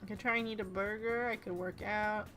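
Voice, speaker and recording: A woman's voice: medium pitch, steady tone, a little fast, fairly bright tone, soft background music. A woman streaming a game live from home, chatting playfully with her viewers and her dog and laughing often. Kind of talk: live gameplay commentary.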